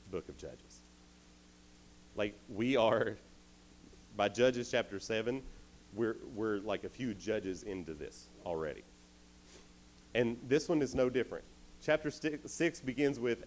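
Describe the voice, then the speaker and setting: Animated low-voiced male youth speaker. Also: a little hiss or hum, poor audio. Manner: animated, acts out characters in quotes. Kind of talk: youth sermon, casual storytelling.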